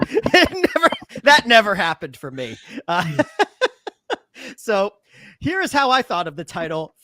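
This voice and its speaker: A man's voice: a little high, bright, forceful tone. A man, an author, chatting casually on a podcast, self-deprecating and laughing often. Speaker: author guest.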